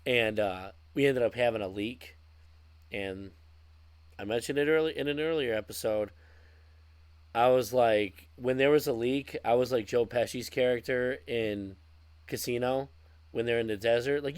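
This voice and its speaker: Swearing, animated male podcast co-host. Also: mid-range voice, measured pace, smooth, no echo. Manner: swears freely, acts out angry outbursts. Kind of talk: casual chat.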